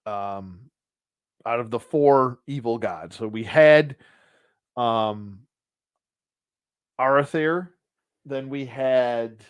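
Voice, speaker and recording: A man hosting a casual toy collector review, rambling, laughing at himself and sometimes dropping to a hushed storytelling voice. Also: mid-range voice, very slow, pauses often, smooth, no room sound. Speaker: toy collector channel host.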